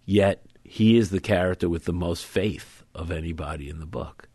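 Author guest, low male voice, thoughtful and measured, dry close studio sound. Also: a little mellow, slightly rough, dry recording. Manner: thoughtful, measured, explains at length. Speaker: author being interviewed. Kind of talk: conversational interview.

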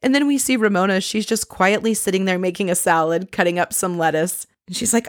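A woman recapping a reality show for her viewers in an animated, gossipy way, swearing casually as she tells the story. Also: mid-range voice, a little fast, hardly any pauses, no echo, clean studio sound.

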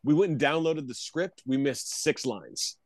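Animated comedian guest, dry close sound. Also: male voice, medium pitch, unhurried, dry recording. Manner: laughs often, animated storyteller. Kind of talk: casual interview chat.

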